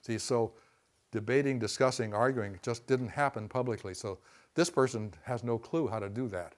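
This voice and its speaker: A man teaching a class on communication and boundaries, talking conversationally with many "you know" and "see" asides, and now and then acting out quoted voices with sudden loud bursts. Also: medium pitch, moderate pace. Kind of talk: classroom lecture.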